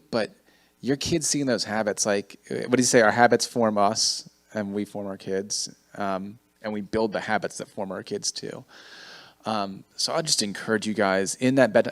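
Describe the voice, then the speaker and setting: Guy in his 40s leading a dads group, low voice, earnest and a bit of a softie. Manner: warm, sincere, self-deprecating. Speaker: men's ministry leader. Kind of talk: casual group talk.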